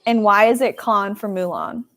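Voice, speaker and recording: A woman chatting casually over a video call during a movie watch-along, bubbly and full of "like" and quick recommendations. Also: mid-range voice, a bit bright.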